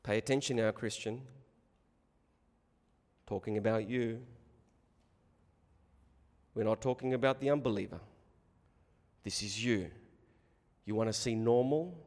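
A man preaching a sermon in short, deliberate phrases with long pauses. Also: lowish voice, a little mellow, long reverb tail.

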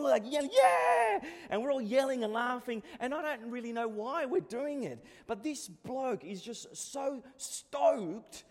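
A man in his forties with an Australian accent, preaching a sermon in a conversational, storytelling way. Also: sits high. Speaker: pastor. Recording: long reverb of a hall.

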